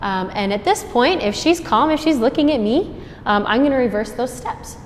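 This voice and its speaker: A woman dog trainer explains her methods during an instructional demonstration. Her voice sits fairly high, and she breaks into praise for the puppy between explanations. The sound carries a long reverb over faint background noise. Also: expressive, normal speed. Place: store, indoors.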